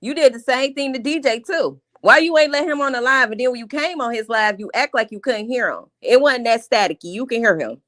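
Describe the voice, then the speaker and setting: A woman's voice: fairly high pitch, expressive, fairly quick, few pauses, a bit bright, no echo. Blunt woman livestreamer, dry close sound. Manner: blunt, confrontational, calls out with repeated questions. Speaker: livestream host. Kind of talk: casual livestream commentary.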